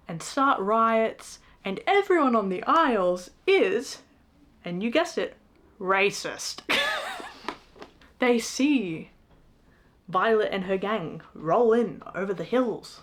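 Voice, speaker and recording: A woman's voice: medium pitch, a little hiss or hum. Sarcastic, exasperated young woman ranting. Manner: exasperated, sarcastic, swears freely, laughs. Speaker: book reviewer. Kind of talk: casual ranting book review.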